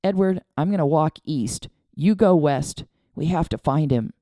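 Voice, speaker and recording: A woman's voice: low voice, expressive, unhurried, warm tone, dry recording, clean studio sound. A woman voicing a father organizing a search for his missing son in an audiobook. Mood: urgent. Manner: urgent, direct.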